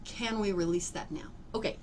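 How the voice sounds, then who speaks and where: A woman leading a live energy-healing demonstration, theatrical and expressive, often breaking into laughter. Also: fairly low pitch, moderate pace, heavy background noise. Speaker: energy healer.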